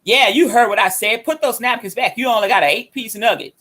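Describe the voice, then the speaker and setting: A woman's voice: sits high, slow pace, a bit bright, pitched above the performer's own voice, exaggerated voice. A woman voicing a scolding older female restaurant worker, curt and bossy.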